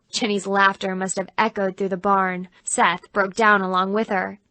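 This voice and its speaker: A woman narrating an audiobook in an even, clear storytelling voice. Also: medium pitch, normal speed, dry recording.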